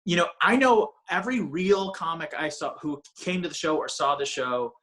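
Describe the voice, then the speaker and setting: Bright-voiced rambling comedian man. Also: on the high side, normal speed. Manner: rambling, many restarts and fillers. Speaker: comedian guest. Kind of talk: casual podcast interview. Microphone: ring light setup, home video call.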